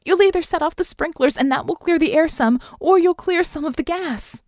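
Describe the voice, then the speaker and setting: A woman voicing a hoarse young woman hacker who shouts urgent instructions. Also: medium pitch, lively intonation, moderate pace, no room sound, studio quality, close to an everyday voice. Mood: shouting.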